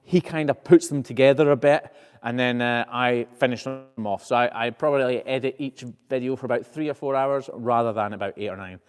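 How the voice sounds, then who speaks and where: A man's voice: mid-range voice, fairly quick, clean tone, in a large hall. A man hosting a casual live Q&A as a professional hoof trimmer, reading viewer questions aloud and answering in a chatty, easygoing way with frequent "uh"s and restarts.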